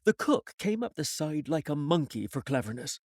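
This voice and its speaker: Guy reading an audiobook, measured storytelling, lively voice. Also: a little high, no echo, studio quality. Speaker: audiobook reader. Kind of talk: audiobook narration.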